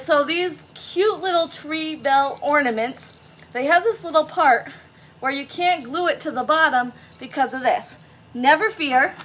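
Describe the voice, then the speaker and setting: Woman craft vlogger, bright high voice, chatty and self-mocking, slight background noise. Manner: chatty, self-deprecating, talks to viewers as guys. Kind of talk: casual crafting tutorial.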